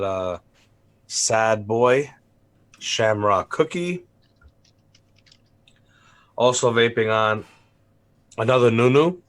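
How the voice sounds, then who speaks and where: Male co-host, low-pitched and hoarse with a cold, easygoing and joking, dry close recording. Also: fairly bright tone, dry recording. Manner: laid-back, joking. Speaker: show co-host. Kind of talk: casual live-stream chat.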